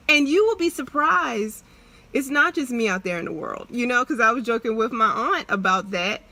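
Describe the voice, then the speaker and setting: A young woman speaking straight to her vlog viewers, her voice sitting a little high with a bright, tense edge. She talks earnestly and haltingly, breaking off mid-sentence and circling back to repeat herself as she works through what she wants to say. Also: animated. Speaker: vlogger. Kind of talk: emotional personal vlog confession.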